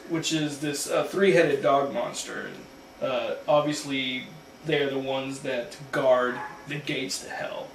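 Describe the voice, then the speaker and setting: Casual male comic host, loose rambling recap, a little high, roomy and off-mic. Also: slight background noise. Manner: loose storytelling with filler words and restarts. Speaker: comic book show host. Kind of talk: casual retelling of a comic story. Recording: echoey room, mic at a distance.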